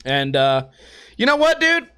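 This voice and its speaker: A young man from the United States hosts a casual solo podcast, telling profane stories through bursts of laughter. His voice is high and bright, and his pitch swings widely. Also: wildly swooping pitch, a little slow, clear, resonant tone. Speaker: podcast host.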